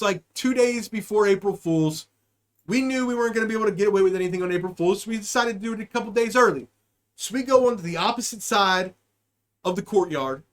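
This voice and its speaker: A man hosting a live show, telling a story in a loose, profane way, speeding up and then drawing his words out. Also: high voice. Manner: animated, profane, swings between quick and drawn-out. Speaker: podcast host. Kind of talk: casual storytelling.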